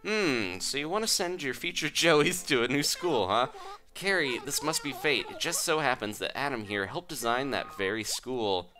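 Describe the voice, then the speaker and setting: A man's voice: mid-range voice, lively intonation, moderate pace, over music, pitched above the performer's own voice, close to an everyday voice. A man voicing a cheerful, encouraging young female shop assistant in a game. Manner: upbeat, encouraging.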